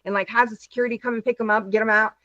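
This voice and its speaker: A woman from Texas chatting as a guest, telling stories in an animated, rapid way over a video call. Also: on the high side, dry recording, highs cut off. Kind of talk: casual chat.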